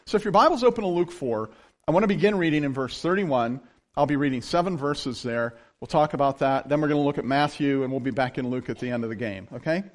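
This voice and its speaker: A man preaching a sermon as pastor, telling stories in an animated way and often laughing. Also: medium pitch, fast talker.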